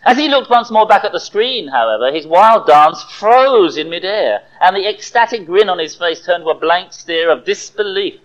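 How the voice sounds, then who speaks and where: A man preaching a sermon, telling stories with animated, dramatic delivery. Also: fairly high pitch, moderate pace. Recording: dull lo-fi recording.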